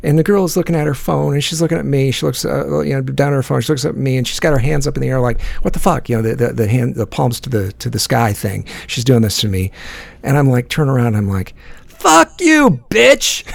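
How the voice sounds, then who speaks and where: A man's voice: medium pitch, fairly even intonation, fast talker, creaky, darkish tone, dry recording. A man telling a long story in casual chat, swearing often and restarting his sentences. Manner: profane, rambling, many restarts. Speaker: podcast co-host telling a story.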